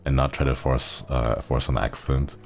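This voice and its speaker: Male streamer, very low and gravelly, rambling chat over faint music, throat a bit strained. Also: level tone, moderate pace. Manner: rambling, chuckles often, thanks viewers. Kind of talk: casual gaming stream chat.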